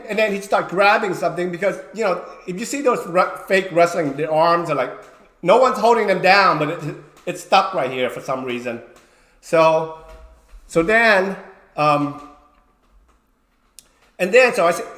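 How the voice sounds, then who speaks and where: A man chats casually on a livestream as a wrestling coach, high-pitched and bright. He tells his story with lots of swearing and bursts into shouted lines. The sound rings in an echoey room. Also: measured pace. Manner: animated storyteller, swears freely, acts out shouted quotes.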